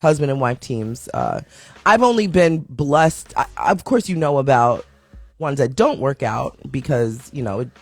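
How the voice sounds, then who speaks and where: A woman hosting a live stream show, talking casually with a raspy morning voice, reading and answering viewer comments and greeting people as they join. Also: rumbling low, big pitch swings, a little slow, no echo. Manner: playful sing-song shout-outs to viewers joining.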